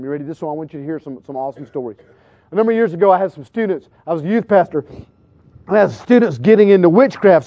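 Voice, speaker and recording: Animated preacher man, muffled dry sound. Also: fairly high pitch. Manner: animated, shifts between loud exclamations and hushed asides. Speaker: pastor. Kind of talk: sermon with storytelling.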